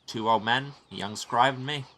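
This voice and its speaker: A man voicing a weary young male artist in a game, in a dry, measured manner. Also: mid-range voice, bright, forceful tone, a little hiss or hum. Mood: wry.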